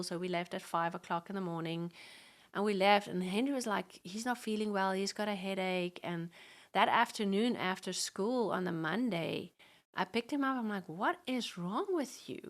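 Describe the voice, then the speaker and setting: A woman's voice: medium pitch, moderate pace. A middle-aged woman telling a personal testimony in a church interview. She acts out the quoted dialogue as she goes. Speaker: guest sharing a testimony. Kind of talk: storytelling testimony.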